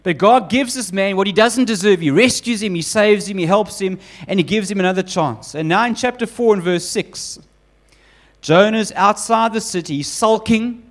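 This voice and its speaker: A man preaching a sermon with emphatic, animated delivery, often building up repeated lists. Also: sits high, moderate pace. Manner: acts out quoted voices of God and Jonah.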